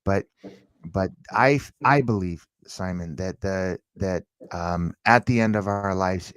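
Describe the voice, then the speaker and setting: A man's voice: on the low side, clear, resonant tone, no room sound. A man as a podcast guest, telling stories animatedly and acting out the dialogue. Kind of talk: casual interview chat.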